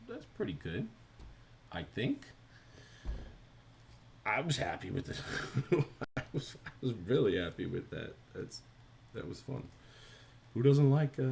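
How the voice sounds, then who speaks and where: A man's voice: low-pitched, creaky, darkish tone, a little hiss or hum. A man with a New Jersey accent, chatting casually on a live stream while he animates, thinking aloud and answering viewers.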